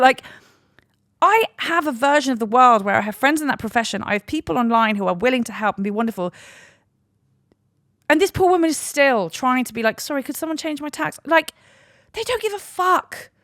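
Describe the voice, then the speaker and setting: A young woman hosting a solo podcast, ranting in a sweary, animated way. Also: sits high, dry recording, clean studio sound. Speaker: podcast host.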